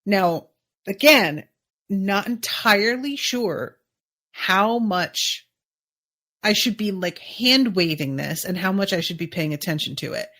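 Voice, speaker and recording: Woman podcast host, unhurried delivery, mid-range voice, chatty recap, thinking out loud. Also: medium pitch, lively intonation. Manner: chatty, musing, full of "like" asides. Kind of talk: casual episode recap.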